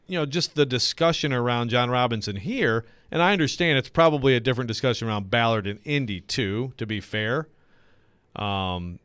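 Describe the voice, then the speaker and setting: Man on sports radio, smooth and dry. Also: mid-range voice, a bit bright, no echo. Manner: rambling, self-deprecating, lots of fillers. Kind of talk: casual sports radio banter.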